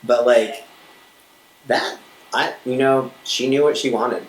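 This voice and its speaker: A woman's voice: rumbling low, steady tone, takes it slowly. A woman co-hosting a podcast in casual, rambling chat. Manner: chatty, rambling with fillers. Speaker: podcast co-host. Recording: roomy with faint hiss.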